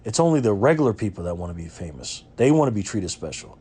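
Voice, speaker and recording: A man putting on the voice of his calm, plain-spoken older grandmother giving advice. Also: on the low side, quick pace, husky. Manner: matter-of-fact, advising.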